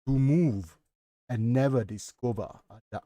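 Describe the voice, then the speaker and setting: A man voicing an old, whiskered male record keeper in a put-on Russian accent over his own Nigerian one, speaking slowly and solemnly. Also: mid-range voice, mellow, no room sound, lightly acted. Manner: slow, solemn, heavy pronouncements.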